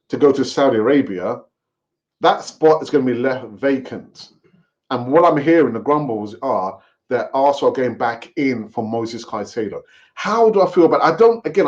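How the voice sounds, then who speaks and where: A man hosting a casual live football fan stream, talking in an animated, repetitive, rambling way. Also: medium pitch, dull audio. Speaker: football fan channel host.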